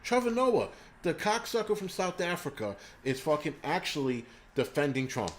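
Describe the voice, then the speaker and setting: A man's voice: on the high side, moderate pace. A man hosting a livestream, ranting crudely and rambling while he answers viewers' chat. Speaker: livestream host.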